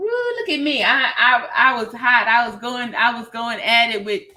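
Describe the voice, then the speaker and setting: A woman's voice: fairly high pitch, moderate pace. A woman hosting a casual commentary vlog, talking straight to her viewers and laughing often at herself. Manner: laughs often, animated, self-mocking; talks straight to viewers, y'all. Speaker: nurse YouTuber, channel host.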